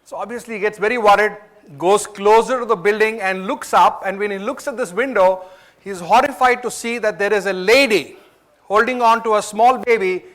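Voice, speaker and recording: An Indian man with a high voice and an Indian English accent, giving a motivational management talk. He tells his story in a chatty way, pauses with fillers and checks in with the audience with quick questions. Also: fairly bright tone. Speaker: speaker at a management training event.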